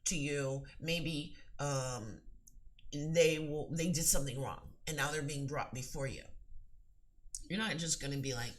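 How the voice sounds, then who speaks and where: A woman's voice: low voice, very animated, unhurried. Psychic teacher, woman, earnest and emphatic, rambling monologue. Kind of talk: spiritual advice monologue.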